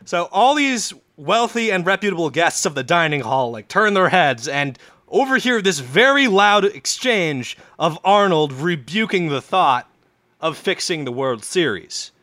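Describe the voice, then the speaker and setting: A man spins a comic story for his co-hosts on a podcast and slips into loud, high voices for the people in it. His tone is bright, and the recording sits close and dry. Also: sing-song, a little slow, no room sound. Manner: acts out characters with loud, high put-on voices. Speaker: podcast host telling a story. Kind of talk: casual comedic storytelling.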